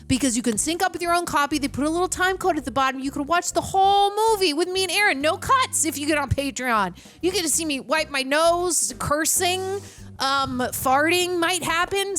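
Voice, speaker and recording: A woman's voice: high voice, fairly bright tone. A young woman co-hosting a movie reaction show, talking in a bubbly, chatty way full of asides. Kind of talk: casual chat.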